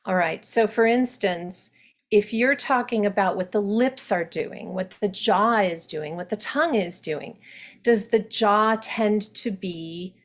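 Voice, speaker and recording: A woman dialect coach talks actors through her methods at a slow, measured pace. She explains in a deliberate way, pausing to think her points through aloud. Her pitch sits in the middle range. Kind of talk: instructional talk for actors.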